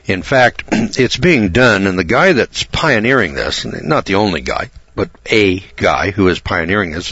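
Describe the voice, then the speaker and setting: A man with a very low voice talks on the radio in a folksy, rambling way, pressing his points hard and often clearing his throat. He is from America. The recording is dry and dull, like an old lo-fi broadcast. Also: fairly bright tone, no room sound. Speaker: radio talk show host. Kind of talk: talk radio monologue.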